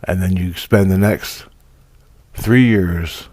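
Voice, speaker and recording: Brief: low male voice, frustrated profane vlog rant. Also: takes it slowly, darkish tone, no echo. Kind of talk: casual spiritual vlog monologue.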